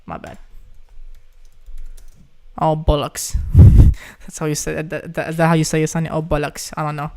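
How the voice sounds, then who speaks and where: Young male live-stream host, from Ukraine, smooth slightly high voice, loose chatty delivery answering viewer questions. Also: completely flat delivery, fast, mellow. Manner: chatty, reads chat questions aloud, says "guys" often. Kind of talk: casual live Q&A.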